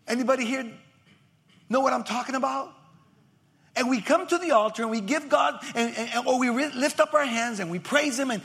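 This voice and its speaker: A male pastor preaching a sermon emphatically, swinging from shouts to near whispers and acting out members of the congregation. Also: very high-pitched, expressive, fairly quick, creaky.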